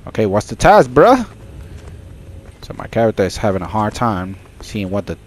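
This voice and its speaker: A man giving casual let's-play commentary on a horror game, excitable and jokey, with frequent startled exclamations. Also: fairly low pitch, normal speed. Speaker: gaming channel host.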